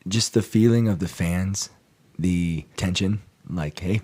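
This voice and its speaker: Excitable low-voiced man telling stories. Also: slow, breathy edge, no echo. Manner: excitable, storytelling, jokey exaggeration. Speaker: podcast co-host. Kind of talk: casual sports podcast chat.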